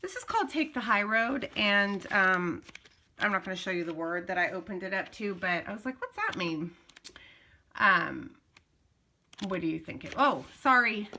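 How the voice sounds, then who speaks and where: Chatty woman with a bright voice. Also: medium pitch, expressive, normal speed, a little hiss or hum. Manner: chatty, rambling, self-interrupting. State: slightly out of breath. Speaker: craft vlogger. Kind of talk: casual show-and-tell.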